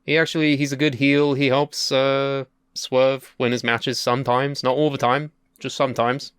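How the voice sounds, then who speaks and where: A young man talks casually on a podcast. His voice is smooth and resonant, and the sound is close and dry. He chats in a sweary, wry way and gives opinions freely. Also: mid-range voice, flat delivery, normal speed, a bit bright, no echo. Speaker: podcast co-host.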